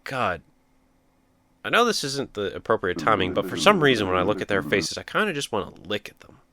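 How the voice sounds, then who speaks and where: A man's voice: fairly low pitch, sing-song, a little fast, sharp tone. A young man commentating a sad game as he plays, tearful and rambling, with jokey asides. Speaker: gamer. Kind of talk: let's-play commentary.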